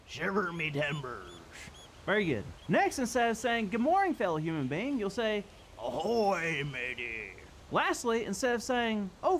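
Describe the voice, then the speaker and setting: A man voicing a goofy, excitable male kids-show character who wants to be a pirate, in a silly children's show skit with jokey pirate growls. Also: high-pitched, slight background noise, full character voice. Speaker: co-host.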